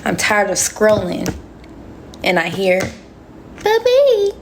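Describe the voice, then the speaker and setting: A woman's voice: mid-range voice, normal speed, creaky, a little hiss or hum. A woman chatting casually to viewers on a phone livestream, rambling along and laughing often.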